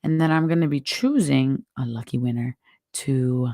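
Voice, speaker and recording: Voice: medium pitch, normal speed, background noise. A tarot reader hosting a live stream, giving chatty, encouraging spiritual advice with a strained, worn-out throat. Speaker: tarot reader and show host.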